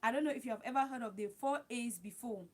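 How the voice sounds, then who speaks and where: A woman hosting a casual livestream talks fast in a fairly high voice, giving advice straight to her viewers, whom she calls "guys." She repeats her points often.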